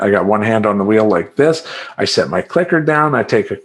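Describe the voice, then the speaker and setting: Animated, emphatic male life coach. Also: lowish voice, brisk, slight background noise. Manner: animated, emphatic, repeats affirmations rhythmically. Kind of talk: motivational monologue.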